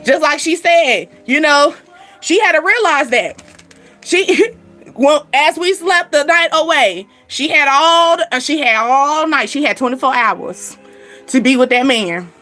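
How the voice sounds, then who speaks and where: A woman with a high voice hosts a spiritual reading channel, speaking a little slowly over faint background music. She gives viewers a casual reading, animated and sassy, laughing often and talking straight to the listener.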